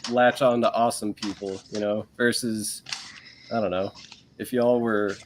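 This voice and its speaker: A man's voice: on the low side, steady tone, measured pace, slight background noise. Easygoing guy guest on a game show chat, friendly. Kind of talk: casual chat.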